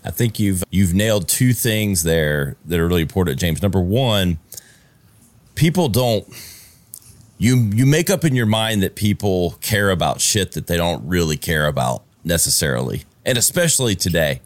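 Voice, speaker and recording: A man's voice: sits low, sing-song, moderate pace, dry recording. A man hosting a podcast, who sums up his guest's points in a reflective, casual way. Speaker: podcast host. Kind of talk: casual interview talk.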